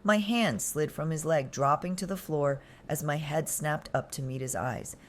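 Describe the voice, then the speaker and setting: A woman narrating a dramatic first-person story, emotional and sometimes dropping into breathy whispers. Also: sits low, moderate pace.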